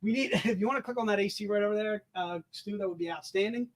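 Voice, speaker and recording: A man hosting a live comic sales stream, joking and hyping items in rapid-fire salesman banter from an indoor studio room. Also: high voice, over a noisy crowd. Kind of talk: casual live-stream selling.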